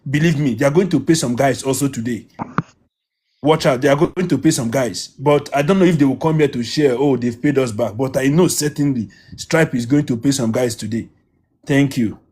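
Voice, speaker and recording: A man's voice: medium pitch, normal speed, a little mellow, husky. A man speaking as a livestream guest, making an urgent, pleading appeal and repeating his warnings insistently.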